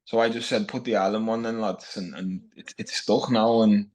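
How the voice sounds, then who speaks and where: A man's voice: lowish voice, fairly even intonation, brisk, darkish tone. A man with a Scouse accent from Liverpool, a fighter talking bluntly and brashly as a podcast guest. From Liverpool, England. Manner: brash, blunt, says "lad" constantly. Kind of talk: casual podcast chat.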